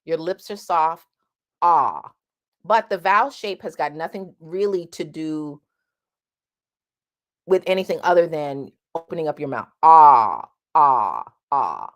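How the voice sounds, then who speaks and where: A woman coaching singing at an unhurried, deliberate pace. Her speaking voice sits a little low, and she cuts in with sung, held vowels to show each shape. Her tone is plain and no-nonsense. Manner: sings vowel demonstrations between explanations; direct, blunt coaching. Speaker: singing teacher. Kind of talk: vocal lesson with demonstrations.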